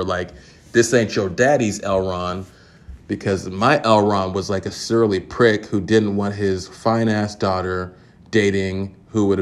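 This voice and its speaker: A man with a slightly low voice hosts his own podcast and rambles through a casual review. He swears freely and jokes along the way. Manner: profane, rambling, joking. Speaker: podcast host.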